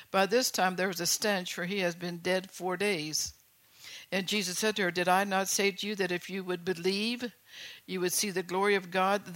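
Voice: medium pitch, a bit bright, no echo. A preacher giving a sermon who reads Bible verses aloud, then explains them with personal testimony and keeps checking in with listeners. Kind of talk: sermon with scripture reading.

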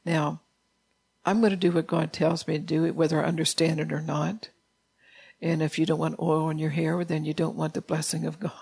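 Gravelly-voiced preacher giving a folksy sermon. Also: medium pitch, level tone, normal speed, darkish tone. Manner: folksy and conversational, often laughing. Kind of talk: informal sermon.

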